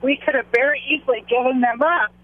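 A woman calling in to a Christian radio show, talking about her work with sick newborns in a halting, hesitant way. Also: high voice, steady tone. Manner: hesitant, halting, repeats "you know". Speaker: caller, neonatal hospital worker. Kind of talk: call-in radio conversation. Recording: tinny phone line.

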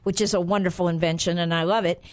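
A woman pastor hosting a Christian radio talk show, telling stories with lively, acted-out voices. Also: lowish voice, fast. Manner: lively storyteller, acts out voices.

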